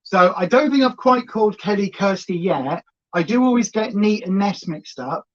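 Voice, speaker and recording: Chatty woman with low-fi sound. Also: animated, moderate pace, highs cut off. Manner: chatty, reads out and greets viewers warmly. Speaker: co-host of a weigh-in live stream. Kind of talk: casual live-stream chat.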